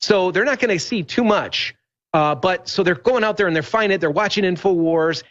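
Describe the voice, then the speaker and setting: A man talking in an animated talk show conversation, telling stories emphatically and rambling with restarts. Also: high voice, brisk, lo-fi sound. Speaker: radio host guest.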